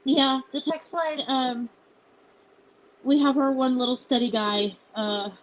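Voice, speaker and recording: A woman who leads a volunteer group, speaking in a halting, emotional personal message with many restarts, close to tears. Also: sits high, steady tone, dull audio.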